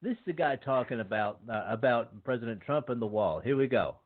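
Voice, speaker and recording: A man's voice: mid-range voice, expressive, brisk. A man hosting a radio talk show, rambling and chummy, with lots of hesitations. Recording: tinny phone-line audio.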